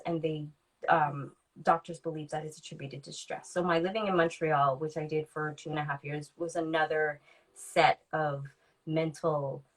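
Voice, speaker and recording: A woman's voice: low-pitched, fairly bright tone, rough recording. A woman in her forties, a podcast guest, telling a candid personal story in a reflective way, acting out remembered dialogue with plenty of ums.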